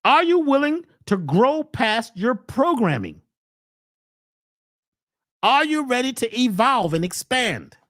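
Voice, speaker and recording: A man hosting a spiritual health webcast, preaching in a steady run of rhetorical questions. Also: very high voice, takes it slowly, pauses often, no echo, studio quality. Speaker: natural health webcast host. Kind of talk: spiritual motivational talk.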